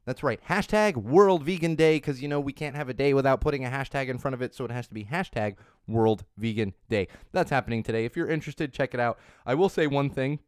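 A man in his thirties hosts a casual chat about social trends, rambling and often restarting his sentences to correct himself. He talks fast in a smooth mid-range voice with few pauses, recorded in clean studio quality with no echo.

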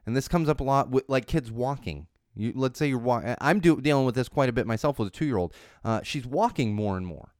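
A man's voice: medium pitch, lively intonation, a little fast, few pauses, darkish tone, dry recording, clean studio sound. A man in his thirties hosting a parenting talk, emphatic and repetitive, with many fillers and restarts. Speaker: parenting podcast host. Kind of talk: casual solo talk.

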